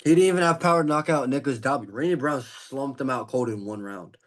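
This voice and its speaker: A man's voice: mid-range voice, fast. Guy rambling thru a fight breakdown, tired, kinda out of breath, lots of likes and ums. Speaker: podcast host giving fight predictions.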